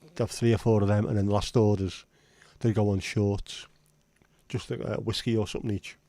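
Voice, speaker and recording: Male livestream host, rambling and blunt, mellow low voice, dry close sound. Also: little pitch movement, normal speed, no echo. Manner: rambling, chatty, blunt with occasional swearing. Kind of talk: casual livestream chat.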